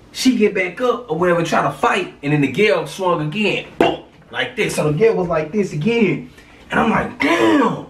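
A man telling a story from his school days in casual slang, animated and acting out the sounds. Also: a little high, far from the mic, a little hiss or hum. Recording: roomy, away from the mic.

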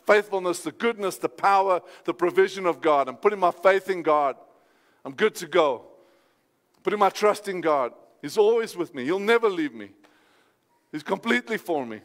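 Man, pastor, exhorting sermon, high voice, long church reverb. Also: expressive, moderate pace. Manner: exhorting, rising to shouted declarations. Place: church sanctuary.

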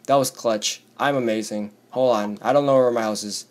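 A teenage boy with a hoarse, worn-out voice, rambling casually through a game commentary and jumping into yelps whenever something scares him. Keyboard typing clicks in the background as he plays. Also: medium pitch, fairly even intonation, normal speed, hardly any pauses. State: hoarse from screaming. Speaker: gaming YouTuber. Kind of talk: Minecraft let's play commentary.

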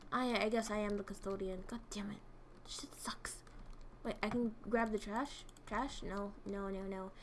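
A woman streaming a game, talking casually in an excitable, jumpy way and swearing often. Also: medium pitch, a little hiss or hum. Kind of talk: casual gameplay commentary.

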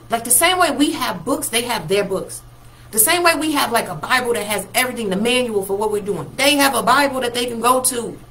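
A woman preaching a prophetic word on a livestream, talking straight to viewers in a lively, animated way and laughing now and then. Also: a little high, low-quality recording. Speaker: prophetic minister.

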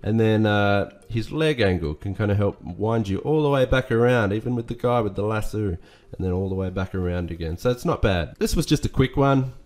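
A man giving casual voice-over commentary on his old artwork, relaxed, self-critical and enthusiastic. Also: fairly low pitch, brisk. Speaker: artist reviewing his old work.

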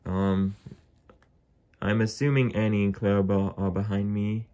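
Man playing a cheerful toy diesel, confident, upbeat, low voice. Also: flat delivery, normal speed, warm tone, lo-fi sound, close to an everyday voice.

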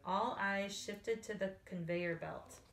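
A woman teacher reading a children's picture book aloud in an expressive storytelling manner. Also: mid-range voice, slow, gravelly. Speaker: elementary school teacher. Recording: echoey room, faint hiss.

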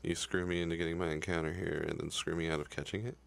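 A man's voice: low voice, little pitch movement, quick pace, gravelly, no room sound. A young man narrating his own video game run, cursing the game and talking in a frustrated, profane way. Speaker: gaming YouTuber. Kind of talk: profane Let's Play commentary.

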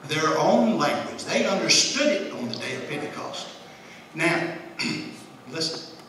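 A man's voice: a little high, very animated, takes it slowly. A man teaching an informal church Bible study in a folksy, conversational way, chuckling often. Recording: echoey room, distant mic, faint hiss.

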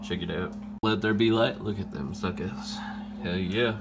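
A man's voice: deep voice, normal speed, noisy background. A man vlogging casually, playfully teasing his dog and laughing often. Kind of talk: casual vlog chat.

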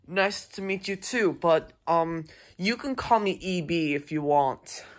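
Man playing an Australian-accented Easter Bunny, rambling, slow, stumbles a lot. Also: a little high, lively intonation. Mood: chatty. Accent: Australian (put on). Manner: rambling, says "mate", stumbles over words. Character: chatty male Easter Bunny. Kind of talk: improvised toy role-play.

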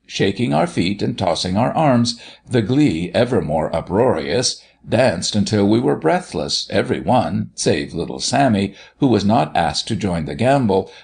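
A man reads a storybook aloud in a steady way. His voice is low and gravelly, and his pitch moves widely as he tells the story. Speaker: narrator. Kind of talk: audiobook narration.

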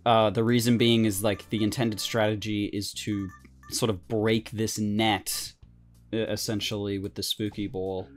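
A man giving casual let's-play commentary, excitable, swearing casually and laughing often. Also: fairly low pitch, measured pace, soft background music. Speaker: gaming commentator.

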